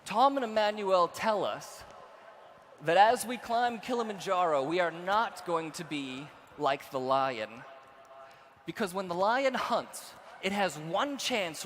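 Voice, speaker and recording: A young man giving a storytelling keynote speech to a conference audience in a large hall, going from quiet narration to shouted excitement. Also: high voice, a little hiss or hum. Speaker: keynote speaker. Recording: reverberant hall with faint ambience.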